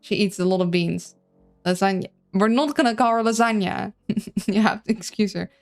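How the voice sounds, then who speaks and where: A woman's voice: medium pitch, moderate pace, faint music behind. A woman casually playing a narrative game, reading its text aloud with chatty, playful asides and stumbles over names. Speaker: let's-play streamer.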